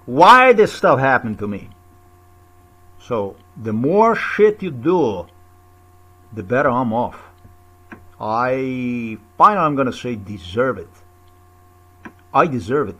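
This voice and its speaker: A man's voice: medium pitch, very animated, slow pace, pauses often, fairly bright tone. A man in a confrontational, repetitive video rant, full of rhetorical questions and swearing. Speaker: vlogger. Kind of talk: angry personal video rant.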